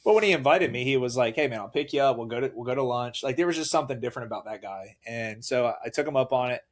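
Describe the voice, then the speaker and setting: A man in casual conversation, recounting a personal story with lively energy. He slips into quoted voices as he goes, keeping the talk loose and conversational. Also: mid-range voice, very fast. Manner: animated, acts out quoted voices. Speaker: podcast guest.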